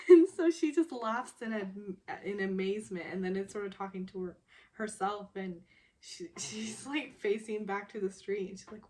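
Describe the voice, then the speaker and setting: A woman's voice: a little high, measured pace, mellow. A young adult woman casually recapping a TV drama episode, laughing often as she quotes the characters' lines. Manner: giggly, retells scenes by quoting characters.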